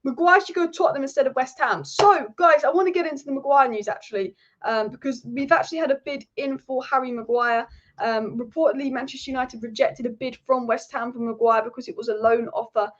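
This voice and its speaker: A woman hosting a football channel, talking in an opinionated, animated way with frequent restarts, on a dull lo-fi recording. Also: high voice, fairly quick. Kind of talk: casual opinion vlog.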